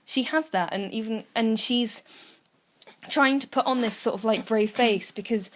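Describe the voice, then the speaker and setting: A woman's voice: fairly high pitch, moderate pace, slight background noise. A young woman co-hosting a podcast, chatting casually with lots of fillers and acted-out quotes. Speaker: podcast co-host. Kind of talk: casual chat.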